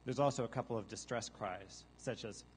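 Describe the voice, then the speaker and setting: A man giving a deadpan mock science lecture to a live audience, now and then breaking into loud seagull caws and zombie groans. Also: on the low side, fairly quick, slight background noise, poor audio. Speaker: guest artist presenting research. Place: large hall with a live audience.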